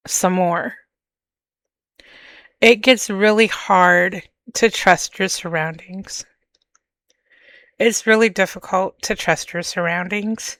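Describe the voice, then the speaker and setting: A woman hosting a podcast, talking candidly and emotionally about her own feelings in a slow, searching monologue. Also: on the low side, fairly even intonation, a bit bright, clear, resonant tone, no room sound. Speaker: podcast host. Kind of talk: personal reflective monologue.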